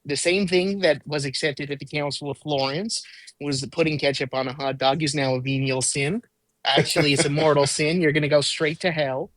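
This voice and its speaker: Here a man voices a brash, loud pope with a thick Chicago accent, laying down decrees like a sports-bar regular. His voice sits a little high and the sound is dry and close. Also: steady tone, moderate pace, dry recording, lightly acted. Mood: blustery. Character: blustery Chicago-accented man's impression of the Pope. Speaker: streamer friend. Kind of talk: comedic impression on a stream.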